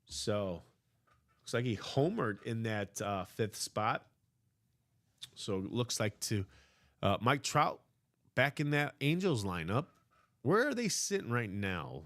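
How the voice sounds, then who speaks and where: A man's voice: medium pitch, sing-song, fairly bright tone. A man hosting a live card break stream, chatting casually and rambling with many fillers. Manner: rambling, slow, filler-heavy.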